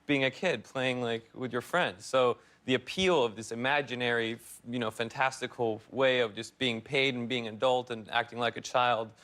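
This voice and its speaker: A young man, an actor guest, rambling through animated stories with laughter in a casual interview. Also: mid-range voice, moderate pace, few pauses.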